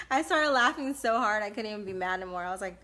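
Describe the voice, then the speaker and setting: A woman's voice: medium pitch, animated, fast, bright, forceful tone. A woman in her thirties from California, chatting bluntly and casually while answering viewer questions live, laughing often. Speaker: live-stream host doing Q&A.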